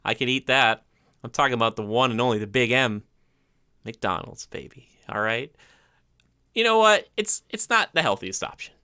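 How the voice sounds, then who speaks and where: Bright-voiced enthusiastic podcast man. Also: medium pitch, lively intonation, moderate pace, smooth, no room sound, clean studio sound. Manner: enthusiastic, rambling, many fillers. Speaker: podcast co-host. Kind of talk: casual chat.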